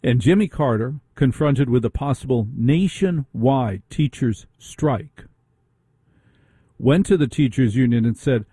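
A man hosts a talk radio show, delivering a ranting monologue packed with rhetorical questions. His voice is dark and husky. The sound is dry and close. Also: medium pitch, a little slow, no room sound.

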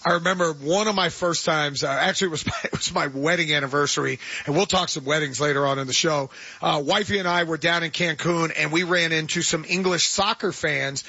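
A man hosts a sports radio show and chats with enthusiasm. His voice sits high and bright with a husky grain. The studio sound is dry and a bit dull. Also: a little fast, dry recording. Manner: enthusiastic, chatty. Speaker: radio host.

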